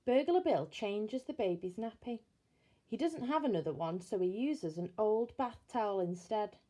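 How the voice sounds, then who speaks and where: A woman reading a bedtime story aloud in a slow, expressive storytelling manner. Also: mid-range voice.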